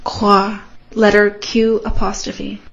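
A woman reads letter names and echoes each sound in a flat, unhurried voice. The recording sounds dull and lo-fi. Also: medium pitch, vocal fry, heavy background noise. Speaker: learner reading the alphabet.

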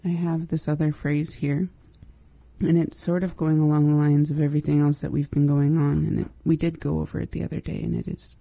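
Husky low woman practicing words slow and unsure, dry mic. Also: level tone, dry recording. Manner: repeats phrases softly, tentative. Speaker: language learner. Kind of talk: language lesson conversation.

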